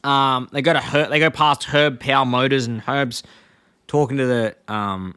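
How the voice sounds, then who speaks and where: A man's voice: steady tone, moderate pace, bright, forceful tone, clear, resonant tone. A young man co-hosting a podcast, retelling scenes in a rambling, casual way and breaking into quoted lines. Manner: rambling, acts out quoted lines with jumps in pitch and frequent laughs. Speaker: podcast co-host. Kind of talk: casual chat recapping episodes.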